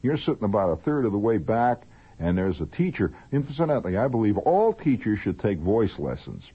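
A man's voice: on the low side, very animated, breathy edge. A man telling a long, digressive, humorous story in a rambling radio monologue. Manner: digressive, humorous, drawn-out asides. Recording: narrow lo-fi old radio recording.

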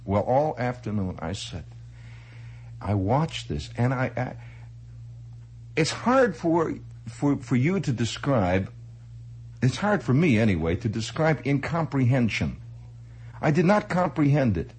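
A man telling an anecdote in a chatty, animated way, laughing through his telling. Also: medium pitch, measured pace, pauses often, slightly rough, rough recording. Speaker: storyteller. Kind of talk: spoken anecdote.

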